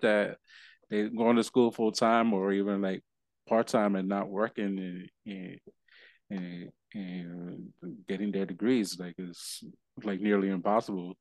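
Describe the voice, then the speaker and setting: Male podcast host, low voice, rambling and halting, dry close mic. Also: steady tone, vocal fry, dry recording. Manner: rambling, halting restarts, laughs while venting. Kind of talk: casual conversation.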